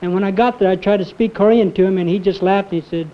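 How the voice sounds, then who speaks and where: A man in his thirties, a quiz show contestant answering modestly and haltingly with frequent pauses. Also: sits high, steady tone. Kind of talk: conversational interview answers. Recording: muffled 1950s TV audio.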